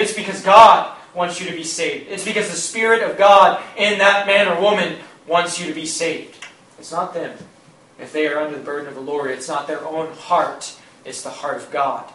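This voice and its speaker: Male preacher, fervent repetitive delivery, higher-pitched, distant mic. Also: fairly bright tone. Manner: impassioned, repetitive preaching with swelling emphasis. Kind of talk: sermon. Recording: echoey room, mic at a distance.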